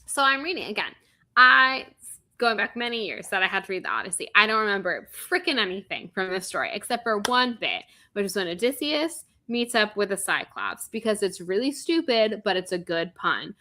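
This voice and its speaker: A woman's voice: medium pitch, very animated, fairly quick, bright, forceful tone. A woman in her thirties co-hosting a podcast, delivering a comedic, exasperated rant full of sarcasm and swearing. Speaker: podcast co-host.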